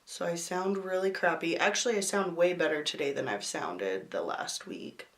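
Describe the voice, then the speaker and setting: A young woman with a hoarse voice from a cold, chatting through a makeup tutorial and apologizing for how she sounds. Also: lowish voice, normal speed. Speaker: beauty vlogger.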